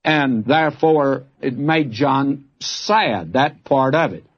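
A man's voice: mid-range voice, animated, slow pace. An older man giving a folksy, earnest Bible teaching, speaking to listeners as his friends. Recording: dull lo-fi archival recording.

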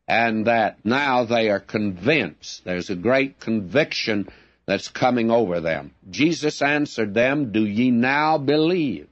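A man's voice: lowish voice, no room sound, dull audio. A man teaching verse by verse from the Bible in an earnest, plainspoken way, often calling his listeners friends.

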